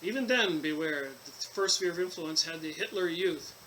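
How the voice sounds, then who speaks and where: Guy reading a book out loud then rambling on about it, high bright voice, lots of uh and restarts. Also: moderate pace, a little hiss or hum, poor audio. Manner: rambling, repeats himself, many fillers and restarts. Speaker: channel host reading and commenting on a book. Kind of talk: casual book commentary mixing reading aloud and rambling asides.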